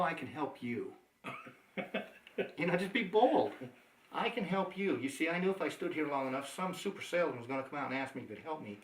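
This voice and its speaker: A man's voice: on the high side, roomy sound, recorded from a distance, rough recording. Chuckling man giving a sales training talk. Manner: chuckling, anecdotal, animated. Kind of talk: training talk with acted-out dialogue.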